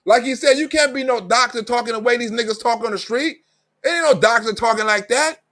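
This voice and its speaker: High-voiced man ranting profanely. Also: fairly quick, bright, forceful tone. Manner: profane, emphatic street talk. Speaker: live stream host. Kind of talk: ranting monologue.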